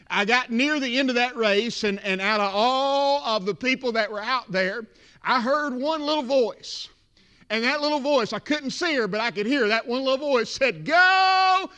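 A male pastor preaching a sermon, building from quiet talk to shouted crescendos. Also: very high-pitched.

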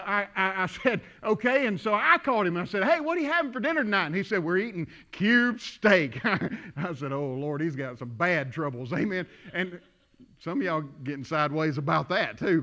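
A man preaching a sermon, telling folksy stories that build to shouting. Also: high voice, lo-fi sound. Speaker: pastor.

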